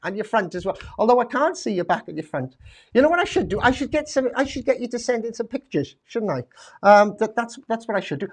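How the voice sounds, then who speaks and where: A man's voice: extremely high pitch, very animated, fast. A man hosting a live online quiz stream, chatting casually and rambling with lots of fillers and restarts. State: slightly out of breath. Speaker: quiz show host. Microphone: desk mic at a computer.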